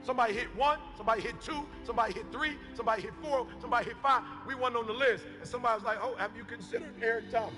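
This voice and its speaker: A man preaching an impassioned motivational sermon, shouting, repeating phrases and calling on his listeners. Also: very high-pitched, racing, hardly any pauses. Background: background music.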